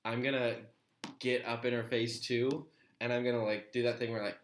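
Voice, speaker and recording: A man's voice: mid-range voice, little pitch movement, normal speed, a little hiss or hum. Male player/co-host, jokey, casual, echoey room. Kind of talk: casual tabletop play. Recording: roomy echo.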